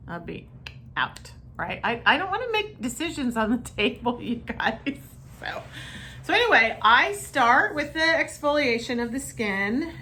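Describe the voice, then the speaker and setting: A woman massage therapist telling a story to camera in a chatty, animated way, talking straight to her viewers. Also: fairly high pitch, a little hiss or hum. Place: her treatment room.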